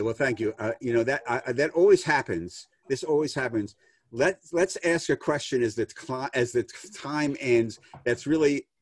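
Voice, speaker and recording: A man's voice: medium pitch, a little mellow, dry recording. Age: unknown. Sex: man. Role: rabbi. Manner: folksy, dry close mic. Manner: folksy, storytelling, acts out quoted people. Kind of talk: answering questions in an online session. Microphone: video call.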